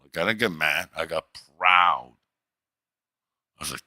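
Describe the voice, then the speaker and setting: This is a middle-aged man running a livestream, his voice very low yet bright and forceful, taunting listeners in a coarse, bragging chat at a measured pace. The sound is dry and close, with no room tone.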